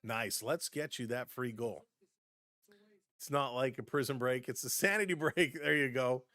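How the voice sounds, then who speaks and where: This live hockey streamer is chatty and laughs a lot, switching back and forth between casual play-by-play and chatting with viewers. He speaks at normal speed in a mid-range, sharp-toned voice, recorded with no room sound.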